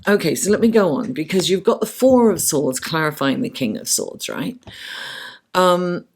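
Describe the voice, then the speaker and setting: Lady reading tarot cards late at night, low gravelly voice, tired, kinda losing it. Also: very animated, normal speed. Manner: chatty, affectionate, talks to the cards. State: losing her voice from the late hour. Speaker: tarot reader.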